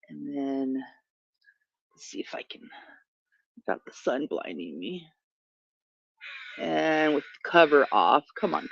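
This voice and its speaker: A slow-talking livestream host who rambles through casual chat and keeps trailing off mid-thought. The voice is recorded on a phone outdoors in a yard. The sound is dry and close, but dull and lo-fi. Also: medium pitch, creaky, fairly bright tone, no room sound. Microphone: phone camera.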